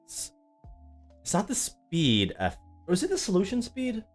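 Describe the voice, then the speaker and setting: A man's voice: high voice, wildly swooping pitch, moderate pace, soft background music. A young man chatting casually on a livestream, sarcastic and rambling with lots of ums, answering viewers. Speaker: tennis YouTuber streaming live.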